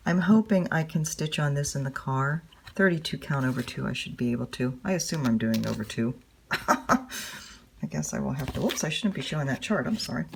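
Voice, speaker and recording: Very low, gravelly woman chatting. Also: a little mellow. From United States. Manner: rambling, chatty, with many fillers. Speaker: cross-stitch vlogger. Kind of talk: casual stitch-along chat.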